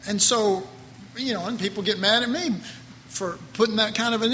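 A man's voice: high voice, steady tone, normal speed, sharp tone, long reverb tail. A man preaching a Bible class in a folksy, conversational way, with chuckling asides. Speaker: Bible teacher. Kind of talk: sermon.

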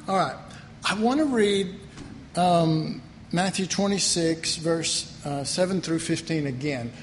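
A man with a high voice preaches, animated and emphatic, pressing his key points home. His voice rings through a reverberant hall with a faint background hum. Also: slow pace, long pauses. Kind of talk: sermon. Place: church hall.

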